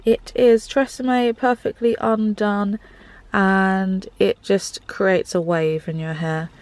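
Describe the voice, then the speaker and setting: A woman's voice: medium pitch, steady tone, takes it slowly, darkish tone, no echo. A woman vlogging from inside her car, chatting and gushing with lots of ums. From England. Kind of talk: casual car tour vlog.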